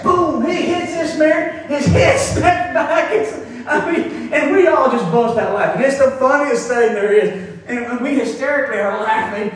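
A man preaching a conversational sermon, often repeating words and laughing at his own stories. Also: very high-pitched. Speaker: pastor. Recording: echoey room from far off.

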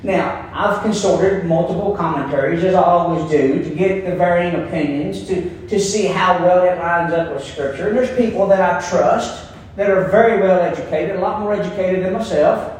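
A man's voice: sits high, moderate pace, a little mellow, slight background noise. A man with a Kentucky twang preaching a sermon as pastor, folksy and emphatic, telling stories to make his points. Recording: echoey room, voice picked up from a distance.

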